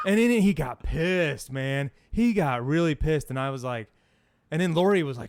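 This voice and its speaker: A middle-aged man co-hosting a podcast in casual chat, rambling through an animated story with plenty of fillers. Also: a little high, moderate pace, dry recording. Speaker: podcast co-host.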